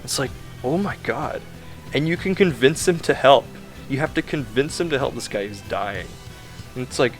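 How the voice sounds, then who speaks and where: A man's voice: mid-range voice, expressive, moderate pace, faint music behind. Exasperated man rambling through a review. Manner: exasperated, sarcastic ranting with many fillers. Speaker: game reviewer.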